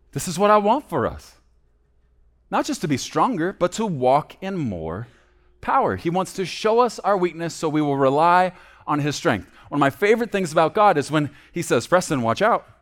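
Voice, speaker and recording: Male pastor preaching; lively, slightly higher voice, big swings from loud to hushed. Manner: animated preaching, swings between loud emphasis and hushed low asides. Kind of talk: sermon.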